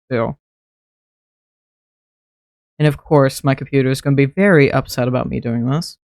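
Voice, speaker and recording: A man's voice: on the high side, a little mellow, no room sound, studio quality. A man streaming a modded game, chatting casually and thinking aloud to himself as he plays. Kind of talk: casual gameplay commentary.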